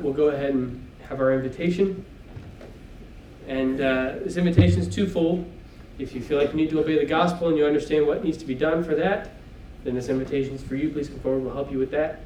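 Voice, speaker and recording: A man's voice: fairly high pitch, steady tone, brisk, darkish tone, slight background noise. A man teaching a Bible class in church, talking it through in a conversational way and checking in with "okay?" asides. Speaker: preacher. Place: church hall. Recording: echoey room, mic at a distance.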